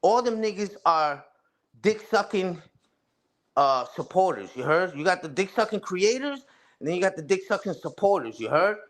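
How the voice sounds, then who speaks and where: This live streamer is a young man with a high, slightly bright voice, speaking expressively at a moderate pace. In a profane, repetitive rant he trash-talks other streamers, frequently closing lines with "you heard?" or "respectfully." His mother's family is Puerto Rican.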